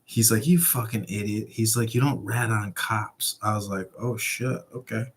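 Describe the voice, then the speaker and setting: A man's voice: on the low side, normal speed, a little hiss or hum. Male podcast co-host, casual chat, loose profane storyteller. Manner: profane, laughing, animated storytelling.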